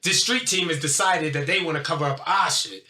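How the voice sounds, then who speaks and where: A man, pitched a little high, with a bright, forceful tone. He tells animated stories in a casual interview and laughs easily. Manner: animated storyteller, quick to laugh. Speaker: guest, former group member.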